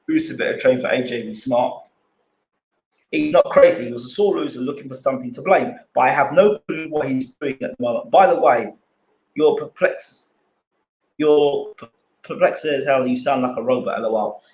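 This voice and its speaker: A man's voice: medium pitch, expressive, fairly quick, darkish tone, echoey room, low-quality recording. A man hosting a boxing channel live stream, arguing his points with repeated rhetorical questions and answering chat.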